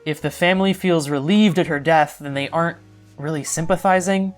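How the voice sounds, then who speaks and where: A man's voice: on the high side, a little fast, soft background music. A young man narrating a scripted video essay as a literary critic, with dry, wry asides. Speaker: literary critic, club co-host.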